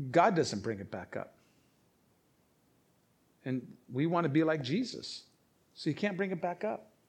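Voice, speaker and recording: A man's voice: mid-range voice, darkish tone, breathy edge. A man preaching a sermon, emphatic, with frequent repeated words and restarts. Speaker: pastor.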